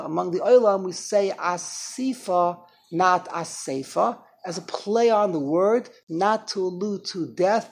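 A man's voice: high voice, vocal fry, slightly rough. A man teaching an informal Torah class, chatty and digressive, making fun of himself. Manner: digressive, chatty, self-deprecating.

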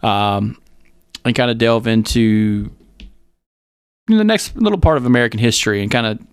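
A man's voice: medium pitch, clean tone, no room sound. A man with a Southern US accent co-hosting a podcast, joking loosely with lots of swearing. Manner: profane, joking, quick asides. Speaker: podcast co-host. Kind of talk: casual chat.

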